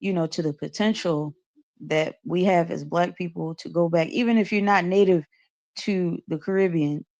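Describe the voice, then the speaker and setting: Opinionated woman with a low voice. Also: fairly even intonation, normal speed, a little mellow, muffled recording. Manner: conversational, opinionated. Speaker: podcast co-host. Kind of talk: casual chat.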